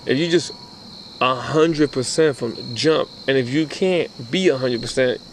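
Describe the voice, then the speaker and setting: A man's voice: mid-range voice, moderate pace, a little hiss or hum, low-quality recording. A man co-hosting a relationship podcast in casual chat, telling stories and acting out other people's voices. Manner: animated storyteller acting out quoted voices. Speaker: podcast co-host.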